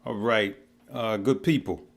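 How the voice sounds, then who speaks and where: A middle-aged man hosting a casual livestream, greeting viewers by name in a relaxed, heartfelt way. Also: on the low side, unhurried, gravelly. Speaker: livestream host.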